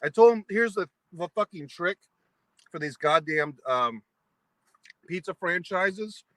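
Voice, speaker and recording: A man's voice: sits high, expressive, a little slow, fairly bright tone, no echo, low-quality recording. A man from New England ranting at length, angry and profane, in a vlog monologue. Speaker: vlogger. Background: eating pizza.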